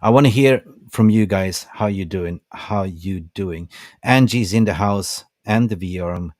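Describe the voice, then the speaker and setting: A man's voice: fairly low pitch, normal speed, darkish tone, no room sound, studio quality. An older man hosting a fan channel livestream, delivering a passionate, preachy rant and rallying his viewers.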